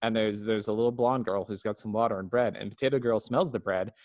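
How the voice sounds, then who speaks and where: A man's voice: fairly low pitch, fast, dry recording. Chatty man on a dry mic. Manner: animated retelling, acts out characters' lines. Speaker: podcast co-host. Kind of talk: casual podcast review chat.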